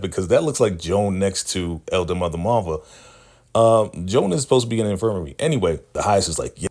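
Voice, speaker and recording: A man casually recapping a TV episode in a slangy, animated way, often checking in with "right?". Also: on the low side. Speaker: show recap host.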